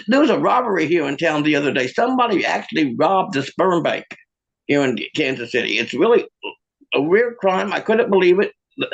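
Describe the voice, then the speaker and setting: A man doing a stand-up comedy set, with deadpan one-liners and halting restarts. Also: high-pitched, gravelly, breathy edge.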